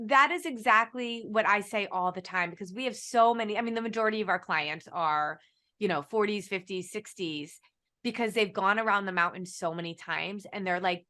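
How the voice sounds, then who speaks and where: A woman's voice: medium pitch, sharp tone. A woman hosting a live-stream interview, upbeat and encouraging, turning to speak straight to her viewers. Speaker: host, nutrition business owner.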